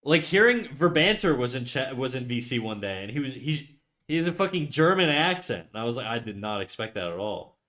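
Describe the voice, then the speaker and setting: A man's voice: mid-range voice, big pitch swings, a little fast, bright, forceful tone. A young Canadian man with a Canadian accent, chatting casually and swearing freely as he draws on a live stream. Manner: loose, joking, swears often. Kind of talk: casual chat while drawing.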